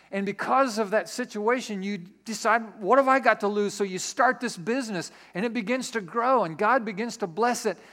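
A man preaching a sermon, animated, acting out little scenes and repeating key lines for emphasis. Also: sits high. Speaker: pastor.

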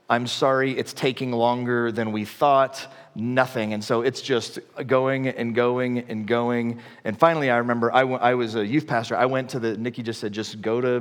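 A middle-aged pastor giving a sermon in a casual, conversational way with many fillers and restarts. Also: male voice, mid-range voice. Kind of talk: sermon with personal story. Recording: long hall reverb.

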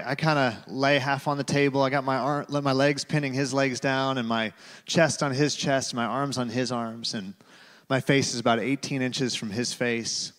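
A male pastor giving a sermon, telling a personal story in a conversational way with fillers and dropping to a hush for quotes. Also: medium pitch. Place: large church auditorium. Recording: reverberant hall.

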